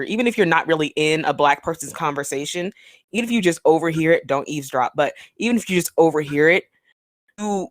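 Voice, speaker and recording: Low-voiced woman chatting on a podcast. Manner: chatty, laughs often, many fillers. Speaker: podcast co-host. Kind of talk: casual chat.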